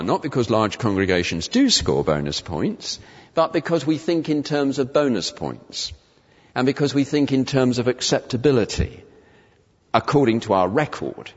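A man preaching a sermon in a church, measured and expository, slowing down to stress the verses he quotes. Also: mid-range voice. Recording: reverberant church hall, dull lo-fi sound.

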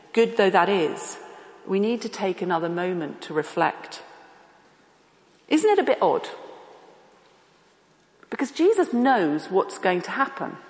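A woman preaching a sermon, deliberate and emphatic, asking rhetorical questions. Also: mid-range voice. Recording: echoey hall with long reverb.

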